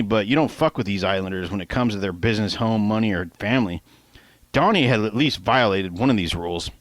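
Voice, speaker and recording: A man's voice: fairly low pitch, no room sound. A man reading his own first-person novel in a casual, conversational way, with offhand asides to the listener and some swearing. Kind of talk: first-person audiobook narration.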